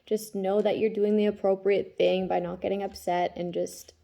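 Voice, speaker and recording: A thirty-something tarot reader, speaking at normal speed in a mid-range, level voice with a creaky, dark tone, casually talks through her day and her kids in a spiritual vlog. Chatty throughout, she tags lines with "okay?"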